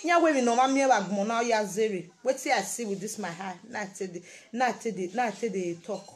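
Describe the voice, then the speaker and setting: A woman's voice: medium pitch, a little fast. A woman with a Nigerian Pidgin English accent giving a casual motivational talk, repeating her phrases for emphasis. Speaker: vlogger.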